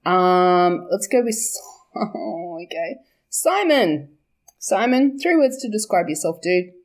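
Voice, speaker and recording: A woman's voice: lowish voice, big pitch swings, slow pace. A young woman, chatting casually about her book's characters, laughing often, swearing and correcting herself as she goes. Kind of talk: casual chat.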